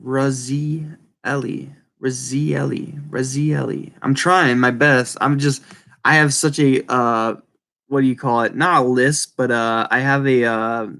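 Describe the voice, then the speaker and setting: A man with a speech impediment chatting casually and rambling to viewers, halting and apologetic, often restarting his words. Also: mid-range voice, fairly even intonation, bright, forceful tone, clear, resonant tone. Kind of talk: casual rambling livestream chat.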